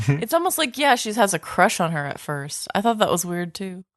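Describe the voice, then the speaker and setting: A woman's voice: lowish voice, sing-song, normal speed, no room sound. Dry-sounding woman reacting bluntly, laughing. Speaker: podcast co-host. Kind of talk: casual chat.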